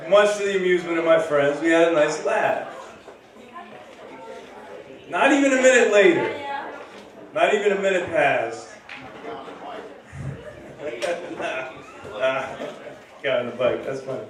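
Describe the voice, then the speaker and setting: A man's voice: fairly high pitch, lively intonation, unhurried, pauses often, far from the mic, a crowd in the background. Man doing stand-up in an echoey room. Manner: casual rambling storytelling. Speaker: stand-up comedian and host. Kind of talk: stand-up comedy. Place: comedy bar stage.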